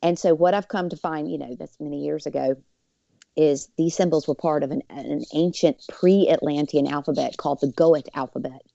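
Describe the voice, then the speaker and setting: A woman, a podcast guest, telling a personal story with many fillers and lively quoted voices. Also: sits low, moderate pace, vocal fry, dry recording, muffled recording.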